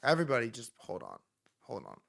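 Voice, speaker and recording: A man hosting a live stream, reacting to news in excitable, profane commentary and repeating words in rapid bursts. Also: mid-range voice, vocal fry, no echo. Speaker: livestream host.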